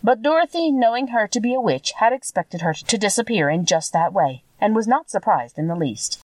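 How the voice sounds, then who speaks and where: Expressive woman reading a storybook. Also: medium pitch, moderate pace, no echo, far from the mic. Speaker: narrator.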